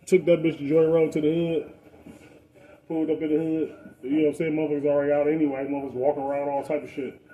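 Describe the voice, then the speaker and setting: Over phone-quality sound, a man from Detroit rattles off a street story at speed for a podcast. He acts out other characters by raising his pitch, and his casual storytelling is thick with profane slang.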